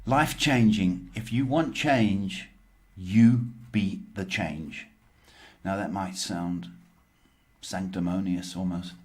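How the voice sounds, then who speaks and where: A man hosting a live psychic tarot stream, giving slow, measured advice with frequent pauses. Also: low voice. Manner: slow, measured, motivational advice with many ums. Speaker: psychic tarot reader and host.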